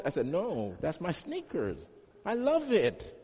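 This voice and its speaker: Male pastor preaching, high voice, repeats his points a lot, big echoey church sound. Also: huge pitch swings, slow, mellow, husky. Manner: teaching, with emphatic repetition and homely examples. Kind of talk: sermon. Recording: long hall reverb.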